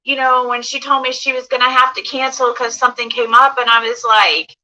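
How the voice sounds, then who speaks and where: Flustered woman streamer, bright voice. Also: sits high, little pitch movement, a little fast, far from the mic, rough recording. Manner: hesitant, stumbling and flustered. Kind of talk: casual live stream talk.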